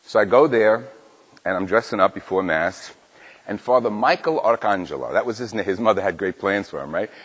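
A man's voice: fairly low pitch, lively intonation, a little fast, a bit bright, slightly rough. An older man, a Catholic priest, preaching a Sunday homily in a church and telling a story with acted-out dialogue. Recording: long church reverb.

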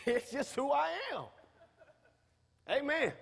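A man, preaching a sermon in a church, who repeats himself and rises to shouts. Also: extremely high pitch, sing-song, takes it slowly, gravelly. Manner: preaching, rising to shouts, talkative, repetitive. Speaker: minister. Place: church sanctuary. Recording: reverberant church hall.

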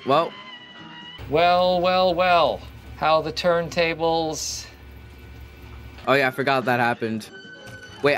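A young man giving excitable, joking commentary while playing a hard video game, yelling when things go wrong. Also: on the high side. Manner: excitable, jokey, yells when losing. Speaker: gaming video host. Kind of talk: gameplay commentary.

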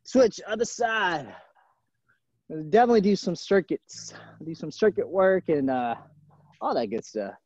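A man's voice: sits high, expressive, unhurried, a little mellow, no echo, lo-fi sound. A man coaching a live online gymnastics class, encouraging the kids and calling them by nickname. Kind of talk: live virtual fitness class. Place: gym. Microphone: camera mic on a video call.

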